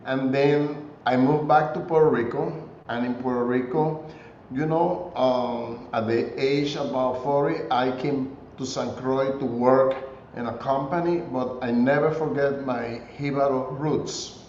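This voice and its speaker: An older man speaks in a loose, conversational way, pausing often as he works through his story. His voice comes across a little dull and muffled, set in a roomy space with faint noise behind it. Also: medium pitch. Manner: relaxed storytelling with frequent hesitations. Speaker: guest. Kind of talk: conversational interview.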